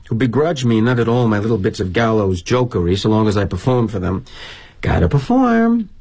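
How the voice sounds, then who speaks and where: A man's voice: medium pitch, a little mellow, slightly rough. A middle-aged man performing a theatrical monologue as a corporate executive, wry and sardonic in a confiding tone.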